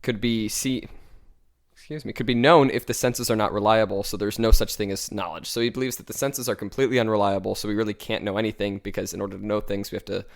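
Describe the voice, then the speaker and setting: A young man co-hosting a casual podcast, dryly explaining ideas step by step and flatly correcting his co-host. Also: lowish voice, quick pace, creaky.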